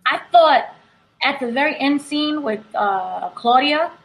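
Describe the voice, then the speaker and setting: A woman with a high, very expressive voice co-hosts a casual TV recap. Her pitch swings widely as she talks. She gives blunt, opinionated takes on the show. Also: slow pace, gravelly, low-quality recording. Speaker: podcast co-host.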